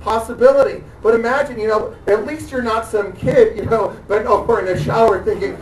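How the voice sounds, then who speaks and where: A man doing dark stand-up comedy on a club stage, halting and hesitant, full of fillers and restarts, chuckling at his own jokes. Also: sits high. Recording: echoey room, distant mic, audience noise.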